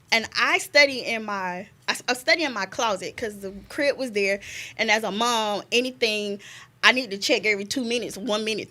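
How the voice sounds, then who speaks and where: A young woman, a guest telling a personal story in an animated way, laughing often and repeating words. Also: a little high. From North Carolina, US. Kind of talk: casual conversation, personal story.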